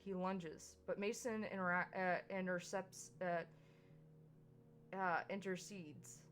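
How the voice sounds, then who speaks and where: A woman's voice: on the low side, steady tone, slow pace, fairly bright tone, a little hiss or hum. A woman streamer reading a visual novel aloud in a casual way, often stumbling over words and correcting herself.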